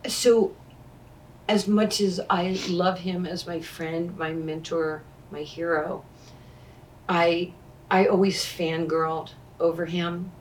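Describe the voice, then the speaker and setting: A woman in her sixties, an interview guest telling personal stories in an animated way and acting out what people said. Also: lowish voice, slow, a little hiss or hum. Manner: animated, acts out quoted speech. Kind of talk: conversational storytelling. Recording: distant mic, faint ambience.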